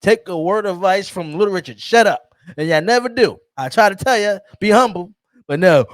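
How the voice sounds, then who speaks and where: A man's voice: high-pitched, a little fast, no room sound. A man co-hosting a sports podcast, mocking rival fans and laughing through his lines in casual banter. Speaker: podcast co-host.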